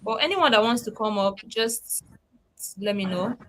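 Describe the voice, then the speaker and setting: A woman's voice: mid-range voice, lively intonation, normal speed, slight background noise, poor audio. Woman hosting a chatty live stream, laughs a lot, reads out comments, call mic. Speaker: livestream host. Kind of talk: casual livestream chat.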